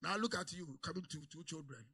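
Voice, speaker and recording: Animated high-voiced preaching man, gravelly. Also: fairly quick. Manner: animated, shifts between quiet asides and loud exclaims; calls for amens from the congregation. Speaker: pastor. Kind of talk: preaching a sermon. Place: church service.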